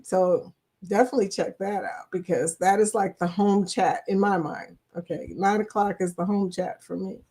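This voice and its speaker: A chatty woman with a Kentucky accent hosts a casual live stream, greeting her regular viewers. She teases easily and breaks into laughter often, and her voice sits at an ordinary middle pitch. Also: steady tone, moderate pace, mellow, breathy edge. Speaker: livestream host.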